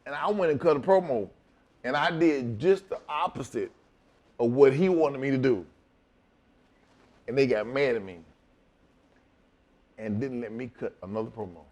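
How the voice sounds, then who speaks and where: A man's voice: mid-range voice, moderate pace, pauses often, dull audio. A man, a former wrestler, telling a profane backstage story as a guest in a casual chat, acting out both sides of the conversation. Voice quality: profane, animated retelling.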